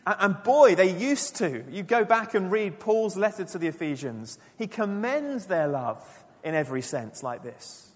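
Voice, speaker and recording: A man preaching a sermon to his church, earnest and emphatic, dropping his voice low and quiet for key lines. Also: big pitch swings, unhurried, few pauses. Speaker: pastor. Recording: long church reverb.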